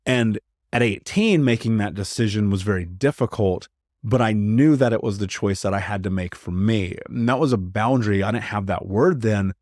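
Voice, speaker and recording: Deep-voiced man telling his story candidly. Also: normal speed, darkish tone, no room sound, studio quality. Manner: earnest, emphatic, frequent "like" fillers. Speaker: podcast guest.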